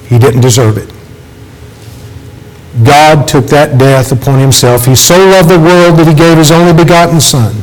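A man's voice: a little high, fairly even intonation, normal speed, rough recording. A man preaching a sermon, earnest and pleading, voice climbing for emphasis.

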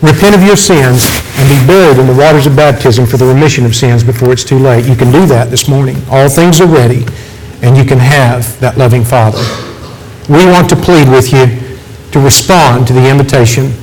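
A man's voice: mid-range voice, brisk, darkish tone, a little hiss or hum, rough recording. A man preaching a sermon, earnest and pleading, voice climbing for emphasis.

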